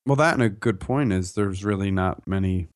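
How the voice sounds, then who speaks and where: A man with a somewhat low voice explains things to friends on a casual podcast, pausing on fillers as he goes. The sound is dry and close. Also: smooth, dry recording.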